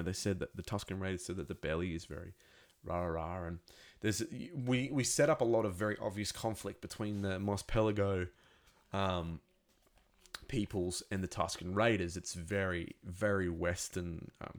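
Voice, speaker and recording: A man recapping a show in a casual, rambling way, restarting sentences and making sound effects. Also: low-pitched.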